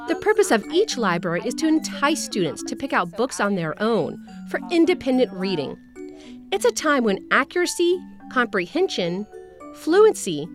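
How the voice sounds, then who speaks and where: Female narrator, scripted voice-over. Slightly high, very lively and upbeat.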